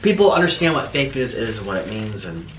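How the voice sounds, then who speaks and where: A man talking straight to camera in a casual vlog, tearful and halting, with many pauses and fillers. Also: lowish voice, very animated, roomy sound, noisy background. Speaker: vlogger. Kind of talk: emotional casual vlog talk.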